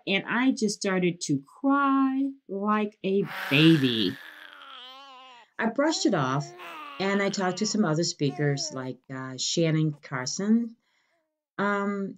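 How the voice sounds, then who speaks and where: Animated woman telling a story. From Detroit. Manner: animated, acts out quotes in a lively higher voice. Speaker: podcast host. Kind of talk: casual storytelling monologue.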